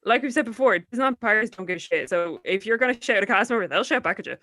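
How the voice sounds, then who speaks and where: A woman's voice: medium pitch, animated, fast, pushed and bright, no room sound. A young Irish woman co-hosting a podcast, talking in a blunt, emphatic and sweary way. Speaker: podcast co-host. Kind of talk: casual chat.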